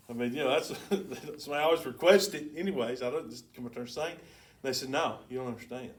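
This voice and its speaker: Give me an excitable man preaching to a church, a bit off-mic. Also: medium pitch, distant mic. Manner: excitable, colloquial storytelling with sudden loud bursts. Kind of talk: sermon with storytelling. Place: church sanctuary.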